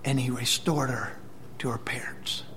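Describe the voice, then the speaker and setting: A man preaching a sermon, retelling scripture dramatically, dropping to a whisper and then booming out. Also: fairly even intonation, moderate pace, a bit bright, a little hiss or hum.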